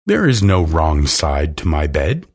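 A man's voice: a bass voice, huge pitch swings, a little slow, full character voice. A man voicing a stubborn little boy who answers back in a sulky, contrary way. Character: boy Michael, stubborn and cross.

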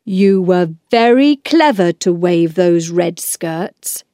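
A woman's voice: lowish voice, lively intonation, takes it slowly, mellow, no room sound, clean studio sound. A woman voicing a kindly male train driver in a storybook, plain and approving.

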